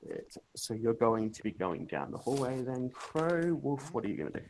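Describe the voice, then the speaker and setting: A man narrating a tabletop game as game master, in a relaxed, hedging way full of "sort of". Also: mid-range voice, moderate pace, creaky, background noise.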